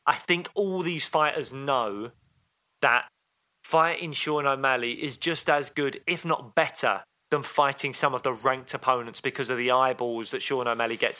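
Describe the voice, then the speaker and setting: A man's voice: mid-range voice, sharp tone. A man co-hosting a sports podcast in casual chat, rambling with fillers and restarts. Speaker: podcast co-host.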